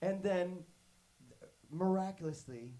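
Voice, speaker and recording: A man's voice: high-pitched, measured pace, mellow. A man leading a workshop, telling stories in a casual, rambling way to young students, full of "like" and "you know" and acted-out quotes. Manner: acts out quoted voices in his stories.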